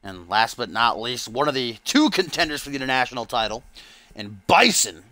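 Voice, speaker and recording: A man's voice: mid-range voice, big pitch swings, a little fast, sharp tone, no room sound. A man streaming live, doing playful mock-broadcast play-by-play commentary on a wrestling video game, with the odd swear.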